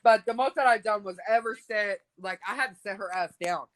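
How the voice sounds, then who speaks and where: A woman, chatting casually and telling profane, animated stories. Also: medium pitch, fairly quick, dry recording. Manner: profane, animated storytelling with acted quotes. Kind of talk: casual chat.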